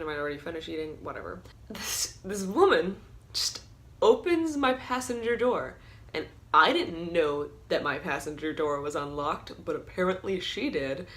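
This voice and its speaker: A woman's voice: on the low side, brisk, a bit bright. A young adult woman telling stories in a casual vlog, chatty and full of "like", often breaking into laughter. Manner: chatty, filler-heavy with frequent "like". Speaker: vlogger. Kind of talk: storytime vlog, casual storytelling.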